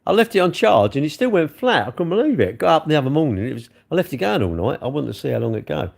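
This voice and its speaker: Middle-aged bloke, gravelly, very up-and-down delivery, chatting to a phone late at night. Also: male voice, a little high, sing-song, quick pace. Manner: chatty, self-mocking, grumbling. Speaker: livestream host. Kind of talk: rambling late-night livestream chat. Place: bedroom at night.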